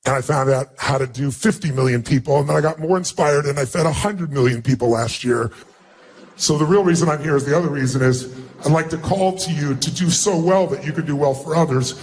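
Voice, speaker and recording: A motivational speaker addresses an audience in a husky, somewhat raised voice that sits on the high side, moving at a brisk pace. He tells a personal story emphatically and acts out its characters, his tone earnest and stirring.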